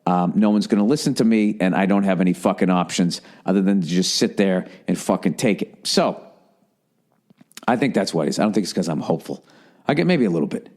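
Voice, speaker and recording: This podcast host, a man with a low, dark-toned voice, rants quickly and expressively. His talk is casual, profane and rambling, full of self-mockery and impressions of other people.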